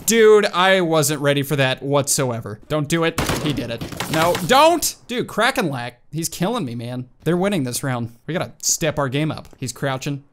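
A man giving casual let's-play commentary on a shooter game, excitable and prone to sudden yelps and exclamations. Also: on the high side, background noise. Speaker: gaming YouTuber. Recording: loud game gunfire behind voice. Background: video game gunshots and effects.

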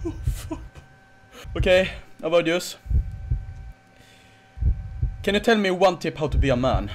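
A young man playing horror games on camera at home, shrieking, swearing and laughing nervously. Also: fairly high pitch. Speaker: horror game let's player. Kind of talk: screaming horror game reaction. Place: home recording setup with a green screen.

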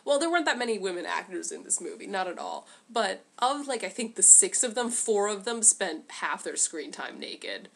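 A woman's voice: medium pitch, big pitch swings, moderate pace, gravelly, hardly any pauses, fairly bright tone. A young woman vlogger ranting about a movie in casual, rambling, sarcastic chat into a camera mic.

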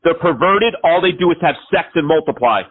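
A scambaiter with a higher-pitched voice and lively intonation talks fairly quickly on a tinny phone line. His prank call is absurd, a rambling stream of exaggerated complaints.

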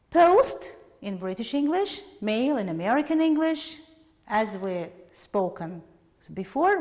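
A woman teacher with an Azerbaijani accent, giving a lesson in English in a lively, emphatic way and repeating words for her students. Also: medium pitch. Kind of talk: televised classroom lesson. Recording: long hall reverb.

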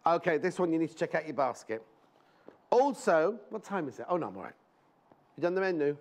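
Chatty man, slightly high voice. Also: sing-song, brisk. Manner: chatty, rambling anecdotes, affectionate with viewers. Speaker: shopping channel presenter. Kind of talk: live shopping-TV chat. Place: TV studio.

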